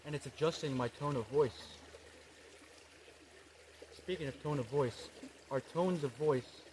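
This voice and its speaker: A man in a parody spiritual vlog monologue, talking in laid-back bro slang with swearing and a slow, dreamy delivery. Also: medium pitch, darkish tone. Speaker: comedy creator. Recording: running water noise behind. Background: trickling, pouring water.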